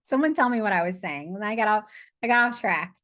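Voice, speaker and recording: A woman's voice: medium pitch, animated, quick pace, fairly bright tone, no echo, clean studio sound. A woman leading a money masterclass over a video call, chatting casually, laughing, swearing and losing her train of thought. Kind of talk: casual live online class.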